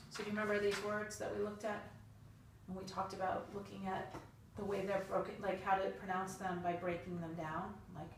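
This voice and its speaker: A woman tutors one student in reading, speaking in a patient, encouraging way full of casual fillers. Her voice has a gravelly, creaky texture. It was caught from a distance in a very echoey room with steady background noise. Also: mid-range voice.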